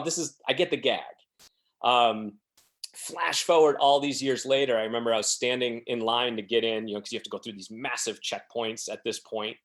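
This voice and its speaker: A man's voice: mid-range voice, a bit bright. A man telling rambling, self-deprecating stories as a podcast guest, acting out the quotes of other people. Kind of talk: casual storytelling.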